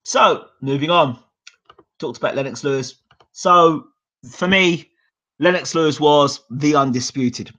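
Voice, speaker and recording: A man's voice: on the high side, unhurried, long pauses, sharp tone. A man in his forties hosting a boxing channel, telling casual stories and acting out his dad's voice in the quoted lines. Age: 40s. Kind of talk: casual storytelling monologue. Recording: dull lo-fi sound.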